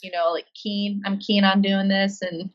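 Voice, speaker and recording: A woman's voice: mid-range voice, level tone, moderate pace, a little hiss or hum. Chatty woman on a dull remote line. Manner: chatty, lots of ums and likes. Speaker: guest, Marine and CrossFit coach. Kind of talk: casual interview answers. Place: living in Australia.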